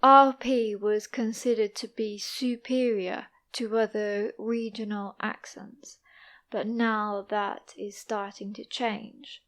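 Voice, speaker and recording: Slow-speaking East Midlands woman teaching. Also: mid-range voice, fairly even intonation, a bit bright. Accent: East Midlands English. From East Midlands, England. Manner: careful, deliberate pronunciation. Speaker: English teacher, podcast host. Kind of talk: slow, clear teaching monologue for English learners.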